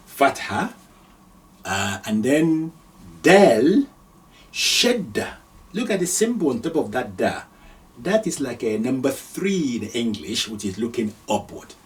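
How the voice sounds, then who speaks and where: A man from Nigeria gives a patient beginner's lesson in reading Arabic, saying each sound again and again with an easy chuckle. His pitch moves a lot as he speaks. He talks slowly, and he sits a little back from the microphone. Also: distant mic. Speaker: Arabic teacher. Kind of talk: slow step-by-step lesson.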